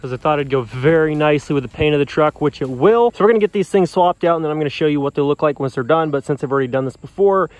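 A man casually talking about his pickup truck, animated and slangy, addressing his viewers directly. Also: on the high side, rapid-fire, hardly any pauses, no room sound. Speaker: truck vlogger. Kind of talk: casual vlog talk.

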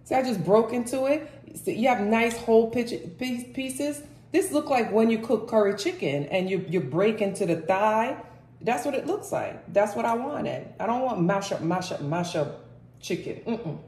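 A woman with a Jamaican accent hosting a casual home cooking vlog, chatty and excitable as she talks to her viewers. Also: fairly high pitch, moderate pace. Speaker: cooking channel host. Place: home kitchen. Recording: very echoey room, mic far off.

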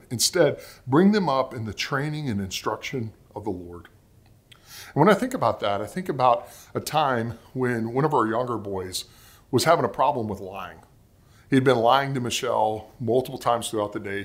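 Man preaching a sermon with stories. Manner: storytelling, acts out quotes in a higher voice. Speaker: pastor. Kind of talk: sermon with stories and closing prayer.

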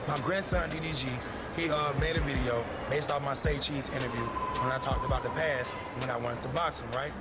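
A man's voice: mid-range voice, fairly even intonation, brisk, few pauses. A man in a YouTube clip, boasting and trash-talking in a cocky rant. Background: loud music.

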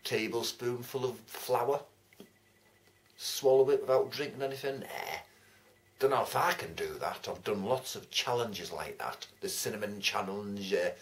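A man's voice: lowish voice, unhurried. A man chatting casually to camera as a vlogger, laughing often and swearing freely. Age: adult, writing a second novel. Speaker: vlogger giving shout-outs.

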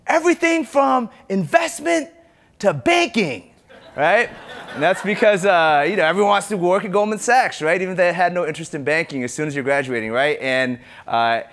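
A middle-aged man from Ethiopia giving a conference keynote speech, energetic and talking straight to the audience. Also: mid-range voice. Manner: energetic, engages the audience directly. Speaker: keynote speaker. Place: conference hall.

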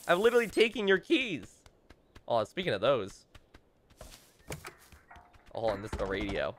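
A man's voice: medium pitch, wildly swooping pitch, moderate pace, long pauses, a bit bright, slight background noise. A young man doing playful gameplay commentary as a let's play host, teasing and mock-dramatic, talking straight to the game characters.

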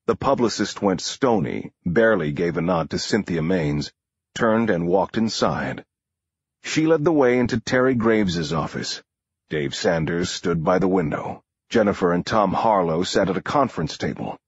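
Male thriller narrator, low husky voice, lively, muffled dry audio. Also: moderate pace, no room sound. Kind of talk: first-person thriller narration.

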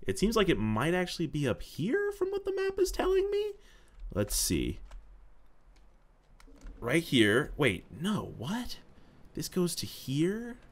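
An excitable young man narrates his own gameplay in a bright, lively voice that leaps between muttering and shouting. He swears freely and talks to himself as he plays. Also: medium pitch. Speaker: gaming YouTuber. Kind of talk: live gameplay commentary.

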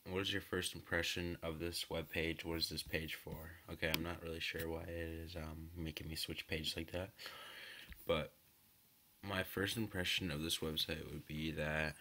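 A man reviewing a website aloud, reading its questions and thinking out loud in a casual, hesitant way with many ums and likes. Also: extremely low pitch. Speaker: website tester.

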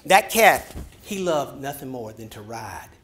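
A man's voice: medium pitch, big pitch swings, measured pace, a bit bright. A man voicing a big, barrel-chested old storekeeper who spins folksy tall tales. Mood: yarn-spinning.

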